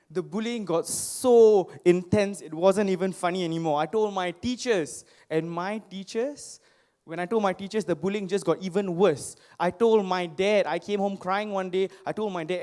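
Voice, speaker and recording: A young man, giving a personal storytelling speech to a live audience, animated and self-mocking, often asking the crowd questions. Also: sits high. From Singapore. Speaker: motivational speaker. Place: stage before a live audience.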